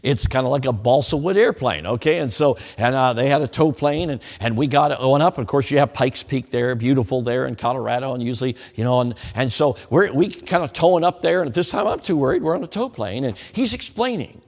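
A man's voice: medium pitch, a little fast, hardly any pauses. A middle-aged man preaching a sermon, telling stories animatedly and putting questions to the congregation. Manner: animated storytelling, quizzing the congregation. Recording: echoey hall reverb.

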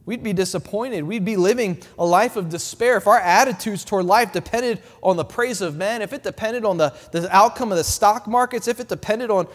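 A man preaching a sermon in a church, building his points through repeated phrases and dropping his voice soft for quoted words of comfort. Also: sits high, fairly quick, few pauses. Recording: long reverb in a hall.

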